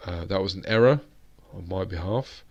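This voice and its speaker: A man's voice: low voice, moderate pace, darkish tone, dull audio. A British man hosting a live-stream chat, rambling along with plenty of fillers and restarts. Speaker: host.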